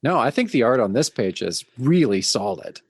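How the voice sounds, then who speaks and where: A man's voice: mid-range voice, moderate pace, slightly rough, dry recording. Male co-host, easygoing comics chat with fillers, dry close mic. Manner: relaxed, hesitant with fillers. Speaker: podcast co-host. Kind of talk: casual comic book discussion.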